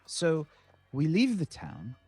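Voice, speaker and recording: A man playing a formal, husky-voiced adventurer. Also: fairly high pitch, wildly swooping pitch, a little mellow, no room sound, soft background music, heavily acted. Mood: earnest. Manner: measured and formal, persuasive.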